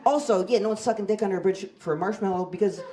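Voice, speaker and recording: A woman in her forties performing a stand-up set on a comedy club stage into a handheld mic, with a deadpan, self-mocking delivery. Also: mid-range voice, rapid-fire, slight background noise. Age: 40s. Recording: live club with loud crowd laughter. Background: audience laughing.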